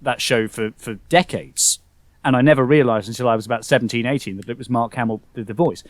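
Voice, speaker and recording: A man's voice: medium pitch, fast talker, dry recording. A man with a British accent, co-hosting a podcast, arguing bluntly in casual chat with friends. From England. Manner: blunt, argumentative. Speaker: podcast co-host. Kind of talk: casual argument among friends.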